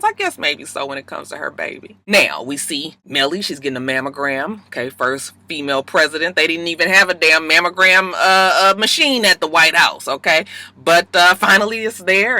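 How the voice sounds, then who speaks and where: A woman giving a casual TV episode recap, animated and profane, acting out characters' lines. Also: deep voice, normal speed, few pauses, no room sound. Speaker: TV recap host.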